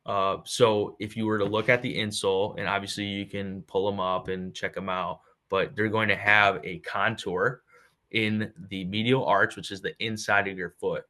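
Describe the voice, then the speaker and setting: A man's voice: on the low side, little pitch movement, normal speed, bright, forceful tone. A man co-hosting a podcast, casually explaining how a product works, with frequent "uh" and "um" fillers.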